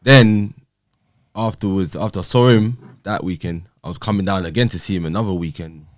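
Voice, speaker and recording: Man, low voice, dry close sound, animated storytelling. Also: a little fast, no echo. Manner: animated, acts out quoted exchanges. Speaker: podcast guest. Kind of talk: casual storytelling.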